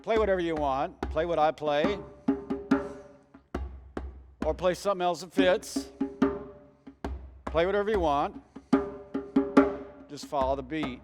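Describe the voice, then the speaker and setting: A man's voice: fairly high pitch, a little slow, pauses often, over loud music. A man teaching a hand drum lesson, explaining beats and chanting rhythm phrases to encourage his students. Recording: reverberant room with loud drumming. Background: hand drum playing.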